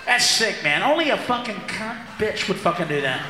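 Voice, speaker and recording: A man performing a crude, ranting stand-up routine live, shouting at the audience. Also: high-pitched, very animated, moderate pace. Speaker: stand-up comedian. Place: large venue with audience. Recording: roomy live recording with crowd and noise. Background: audience laughter.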